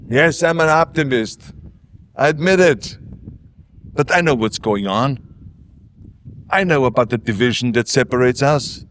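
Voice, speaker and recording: A man's voice: mid-range voice, a little slow, pauses often, a bit bright, slight background noise. An older man with a German accent, a native German speaker, giving an emphatic ceremonial speech with self-mocking humor. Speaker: guest speaker. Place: outdoor ceremony.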